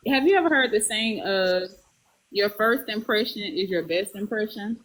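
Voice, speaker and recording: A woman's voice: medium pitch, expressive, moderate pace, a bit bright, low-quality recording. Woman calling someone out in a live chat, direct and pointed. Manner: direct, questioning, confronting. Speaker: live stream participant. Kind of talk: casual group chat.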